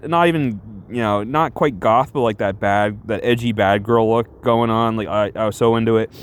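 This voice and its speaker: Rambling, self-conscious male streamer. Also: mid-range voice. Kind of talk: casual livestream chat.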